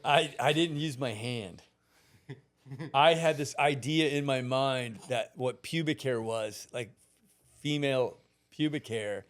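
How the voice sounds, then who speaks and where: A man around sixty, a podcast guest telling a long personal story in a casual, animated way, swearing freely and laughing through it. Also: mid-range voice, slow pace. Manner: animated, profane, laughs through his stories.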